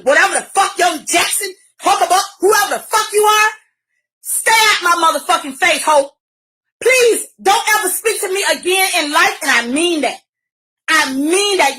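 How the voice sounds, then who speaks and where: A middle-aged woman from Virginia, ranting loudly and profanely on a live stream. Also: extremely high pitch. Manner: loud, profane, shouting. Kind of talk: angry live-stream rant.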